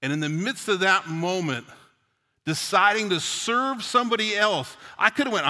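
A middle-aged man from Newfoundland delivers a sermon with earnest conviction and easy storytelling asides. His voice is bright and forceful and sits slightly high for a man. It rings out with a long hall reverb from a church sanctuary. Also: lively intonation, moderate pace. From Newfoundland, Canada. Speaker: pastor.

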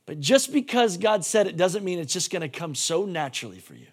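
A male pastor preaching a sermon emphatically, swinging between shouting and hushed tones. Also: high-pitched, big pitch swings, fairly quick, hardly any pauses, husky.

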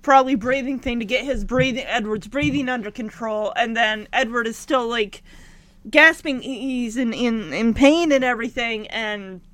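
A woman casually recaps a TV episode, acting out the characters' lines as she goes. Her voice is high and animated. The recording is dry and close to the mic. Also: dry recording. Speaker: show recapper.

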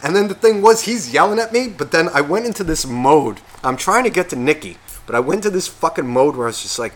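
A man's voice: fairly high pitch, brisk, hardly any pauses. A man casually telling a long story on a podcast, swearing constantly and acting out what everyone said. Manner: profane, animated, acts out quotes. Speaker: podcast co-host.

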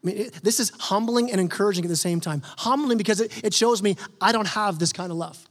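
Male pastor, higher voice, earnest conversational sermon, echoing church hall. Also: fast. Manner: earnest, conversational preaching with repeated restarts. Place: church sanctuary.

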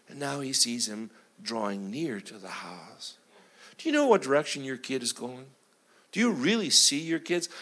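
Full of stories, the sermon from this middle-aged guest preacher is animated, shifting back and forth between a booming voice and a hushed one.

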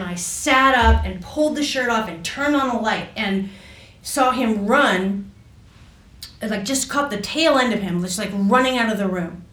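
A woman telling a personal story in a halting way, full of fillers and restarts. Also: medium pitch, a bit bright, recorded from a distance. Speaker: guest recounting a personal experience. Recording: echoey room, voice off mic.

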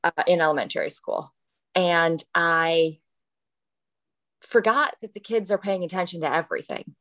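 A woman on a podcast, an elementary school teacher, chatting casually and telling lively stories. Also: lowish voice, normal speed. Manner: animated storyteller, acting out voices.

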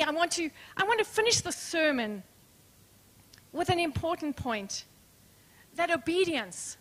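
A woman pastor preaching a sermon, emphatic and questioning, dropping to soft hushed words, calling the congregation her friends. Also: extremely high pitch. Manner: addresses congregation as friends, asks rhetorical questions. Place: church.

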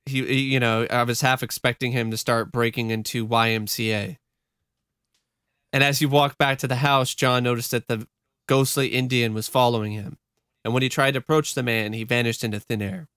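A man's voice: medium pitch, moderate pace, clean tone, dry recording, clean studio sound. A man co-hosting a podcast, recapping a ghost show in casual chat, often laughing and joking as he tells it. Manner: laughs often, relaxed storytelling with joking asides. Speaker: podcast co-host.

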